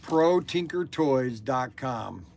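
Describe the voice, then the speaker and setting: An older man hosting a live toy shop show, pitching products with pushy salesman hype and repeating himself as he talks. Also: lively intonation, slow, creaky, a little mellow, a little hiss or hum.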